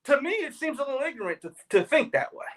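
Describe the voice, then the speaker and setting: A man with a New York accent, hosting a casual livestream chat and talking in a blunt, forceful, argumentative way. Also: very high voice, big pitch swings, fast, low-quality recording. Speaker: livestream host.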